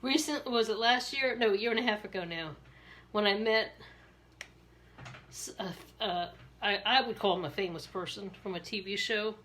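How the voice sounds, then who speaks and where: Rambly maryland woman doing her hair on cam, laughs a lot, bright tone. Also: medium pitch, moderate pace, slight background noise. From Maryland, USA. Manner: chatty, rambling, laughs often. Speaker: beauty vlogger. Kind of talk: casual chat while styling hair.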